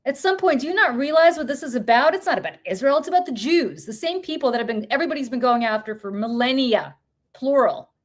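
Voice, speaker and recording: A woman's voice: sits high, animated, fast. A woman co-hosting a political podcast, ranting with passion, swearing and firing off rhetorical questions. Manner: impassioned, profane, rhetorical questions. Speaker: podcast co-host. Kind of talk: heated political commentary.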